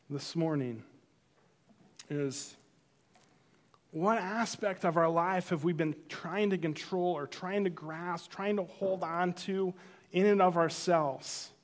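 Guy preaching, fairly high voice, tells his story all lively like he's reliving it. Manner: animated storytelling, acting out his own reactions. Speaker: pastor. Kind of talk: sermon storytelling.

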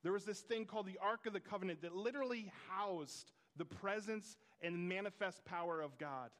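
A man delivers a sermon as a pastor. He talks conversationally, telling a personal story and acting out the dialogue. His voice sits a little high for a man. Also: normal speed, a bit bright.

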